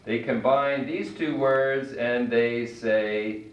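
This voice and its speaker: A man's voice: mid-range voice, steady tone, far from the mic. Man teaching English in an echoey room. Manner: slow, deliberate example sentences with repetition. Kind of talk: grammar lesson at a whiteboard. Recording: echoey room, voice a bit off-mic.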